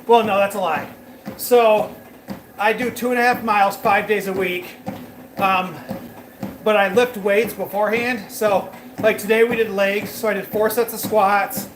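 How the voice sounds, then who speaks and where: A man's voice: sits high, steady tone, measured pace, roomy sound, background noise. A man livestreaming as he walks on a treadmill, talking loosely to his viewers with lots of fillers. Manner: loose and rambling, many fillers. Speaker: fitness livestreamer. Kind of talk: casual chat while working out, talking to viewers.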